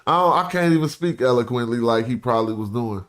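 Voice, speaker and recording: While streaming, a man with a medium-pitched voice talks fast, telling an old story in slangy, casual language. He reads passages aloud and animatedly acts out the quotes in put-on voices.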